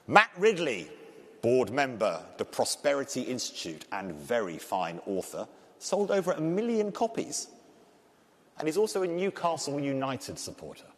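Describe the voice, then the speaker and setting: Lively Scouse man hosting a panel. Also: mid-range voice, moderate pace. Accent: Liverpool (Scouse). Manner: jokey, lively, self-deprecating. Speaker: panel moderator. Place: large conference hall. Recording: long hall reverb.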